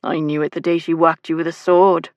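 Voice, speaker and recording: A woman's voice: low voice, little pitch movement, a little fast, no room sound, muffled recording. Woman reading a wry, drawling married lord. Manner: dry, drawling. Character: happily married nobleman, steady and wry. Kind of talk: audiobook character voice.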